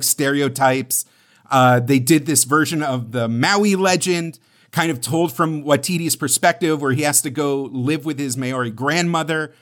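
A man co-hosting a podcast, chatting casually and rambling with lots of fillers and restarts. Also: a little high. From United States. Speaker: podcast co-host.

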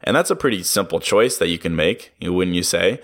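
A man's voice: low-pitched, animated, quick pace. A young man hosting a solo podcast, talking candidly, swearing freely and laughing at himself. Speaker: podcast host. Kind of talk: casual solo podcast monologue.

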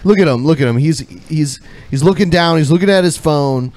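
A man's voice: fairly high pitch, brisk, a little mellow, no echo. A man hosting a podcast, upbeat and steering the show and the live chat. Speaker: podcast host. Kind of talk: casual chat.

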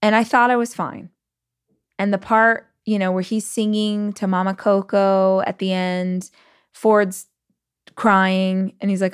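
Female podcast host, 30s-40s, mid pitch, candid conversational storyteller. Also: measured pace, smooth. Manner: chatty, candid, animated storytelling with big pitch swings. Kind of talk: casual solo podcast talk.

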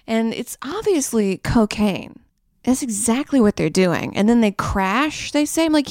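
A woman's voice: mid-range voice, expressive, measured pace, no room sound, clean studio sound. A young woman co-hosting a podcast, rambling through crude, joking stories in a casual chat. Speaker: podcast co-host. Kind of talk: casual comedic monologue.

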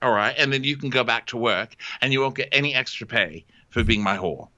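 A man's voice: mid-range voice, fairly quick, sharp tone. A man voicing a haughty young royal woman, mocking and sing-song as she bargains over marriage. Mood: smug teasing.

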